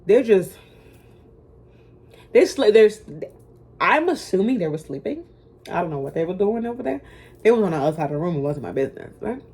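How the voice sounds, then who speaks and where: A woman's voice: mid-range voice, big pitch swings, fairly quick, pauses often, a little mellow, breathy edge. A young woman telling a personal story to camera in a casual, blunt, slangy way, cursing freely and poking fun at herself. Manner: blunt, profane, slangy, self-mocking. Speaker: storytime vlogger.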